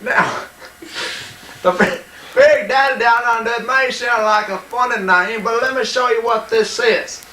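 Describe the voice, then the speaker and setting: A boastful hunter, as a man puts him on, tells tall tales. His voice sits very high and rings bright. It is recorded in an echoey room with the mic set far off. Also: measured pace, exaggerated voice. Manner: tall-tale bragging, mock-serious demonstrating. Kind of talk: comedy sketch.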